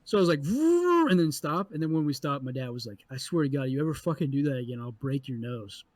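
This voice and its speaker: A man co-hosting a podcast, telling a story in an animated, profane way and acting out the people in it. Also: fairly high pitch, very fast. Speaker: podcast co-host. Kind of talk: casual storytelling chat.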